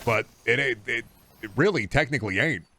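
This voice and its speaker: A man's voice: mid-range voice, lively intonation, brisk, pushed and bright, faint music behind. A young man with a Midwestern American accent, streaming a game and chatting casually with his chat in a rambling way. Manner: rambling, reading and answering chat.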